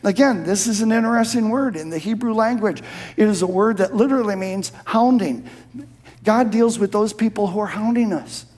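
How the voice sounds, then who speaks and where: A man preaching a sermon in a church, impassioned, dropping to a hush and then rising to shouted emphasis. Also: high-pitched, normal speed. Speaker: pastor.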